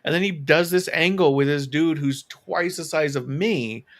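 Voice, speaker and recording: A man's voice: a little high, moderate pace. A man co-hosting a wrestling podcast, telling casual, profane anecdotes in a laid-back way. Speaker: podcast co-host.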